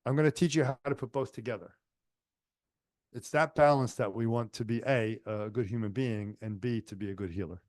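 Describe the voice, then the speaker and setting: A man's voice: mid-range voice, fairly quick, a little mellow, no echo, clean studio sound. Conversational male healing teacher. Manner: conversational, anecdotal, frequent fillers. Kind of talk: storytelling lecture. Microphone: online lecture microphone.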